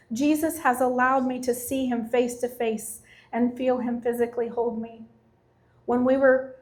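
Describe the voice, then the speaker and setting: A middle-aged woman giving an earnest personal faith testimony, reading scripture with slow emphasis. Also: a little high, darkish tone. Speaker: testimony speaker.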